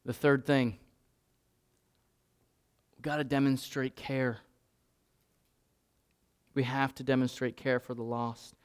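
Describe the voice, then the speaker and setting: A man's voice: medium pitch, little pitch movement, takes it slowly, pauses often, smooth. A man preaching a sermon as pastor, in an earnest, conversational way with frequent restarts.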